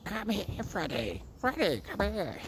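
A man putting on a shrill witchy dog-walker woman. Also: wildly swooping pitch, unhurried, noisy background, heavily acted. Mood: cackling. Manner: shrill sing-song calling. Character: dog-walking woman calling her dog in a witchy cackle.

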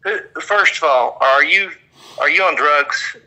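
A man's voice: a little high, a little slow, pushed and bright. A man on a phone call, confused and repeatedly questioning the caller. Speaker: prank call target. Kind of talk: phone conversation.

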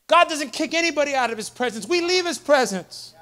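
A man with a very high voice preaches to his congregation. He repeats lines in call-and-response fashion and swells to shouted peaks, speaking from a church service. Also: animated, fairly quick. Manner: impassioned preaching that builds to shouted crescendos; repetitive call-and-response rhetoric. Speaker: pastor. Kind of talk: sermon.

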